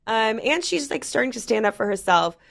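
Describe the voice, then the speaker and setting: Here the same kind of podcast co-host, a woman in her thirties, sounds a little high, expressive, brisk, creaky and slightly bright. Her casual chat is frank and profane, peppered with "um" and "like."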